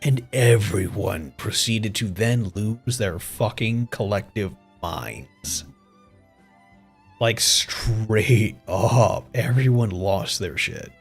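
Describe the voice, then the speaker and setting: A man giving casual live-stream commentary as streamer, excitable, swearing freely and chuckling often. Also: lowish voice, takes it slowly, vocal fry, breathy edge, faint music behind.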